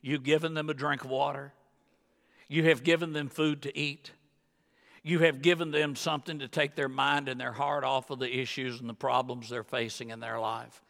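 A man preaches with emphatic force, his gravelly voice climbing into high, excited bursts. His tone is sharp and bright. The long reverb of a big church sanctuary trails behind every phrase. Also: normal speed. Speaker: guest pastor. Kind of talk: sermon. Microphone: wireless body mic with battery pack.

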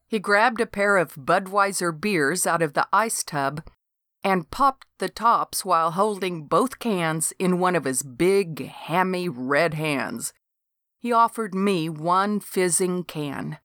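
Woman audiobook narrator, measured and unhurried, lower voice. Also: no echo, clean studio sound. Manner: steady, measured storytelling. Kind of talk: novel reading.

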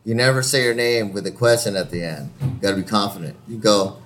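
A man co-hosting a casual podcast, joking and swearing, with loud bursts of laughter. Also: lowish voice, fast talker, soft background music. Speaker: podcast co-host.

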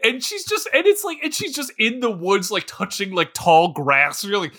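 A man's voice: sits high, normal speed. A young man co-hosting a comedic movie review podcast, riffing casually and acting out silly voices. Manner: animated, acts out silly voices for characters. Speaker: podcast co-host.

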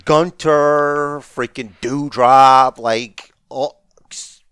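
A man's voice: mid-range voice, steady tone, drawn-out words, fairly bright tone, clear, resonant tone, no echo. A man co-hosting a podcast, chatting casually with lots of restarts and jokes. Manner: rambling, joking, many restarts. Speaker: podcast co-host. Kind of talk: casual wrestling chat.

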